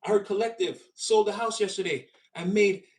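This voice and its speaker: A man giving a casual, animated tarot reading, chatty and expressive and quick to laugh. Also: high voice, gravelly. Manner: animated, chatty, swings into voices, laughs often. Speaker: tarot reader.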